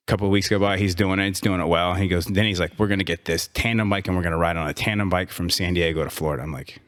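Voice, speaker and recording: Very low-voiced man telling a rambling story. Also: fairly even intonation, very fast, few pauses, a bit bright. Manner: rambling, self-interrupting, sarcastic asides with laughs. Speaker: podcast guest, gym owner and coach. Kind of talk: casual storytelling interview.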